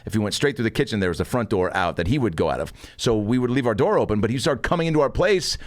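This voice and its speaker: A man who is a comedian guest on a podcast, telling stories in a profane, animated way. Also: lowish voice, rapid-fire. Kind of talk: casual podcast storytelling.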